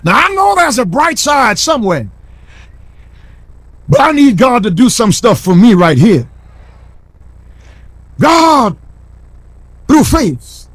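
Man preaching, high voice, swooping pitch, call-and-response, dry sound. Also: no echo. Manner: call-and-response preaching, repeating lines, rising to shouts. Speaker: pastor. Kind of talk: sermon. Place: church sanctuary.

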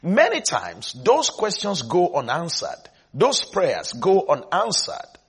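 Slow emphatic preacher man, husky voice. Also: on the high side, wildly swooping pitch, fairly bright tone. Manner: emphatic, repeats phrases, asks listeners if they follow. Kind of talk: sermon.

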